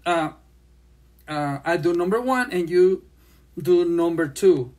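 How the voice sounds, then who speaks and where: Slow-paced sign language teacher. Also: medium pitch, animated, a little mellow. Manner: speaks slowly, repeats phrases while demonstrating signs. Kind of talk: slow classroom lesson.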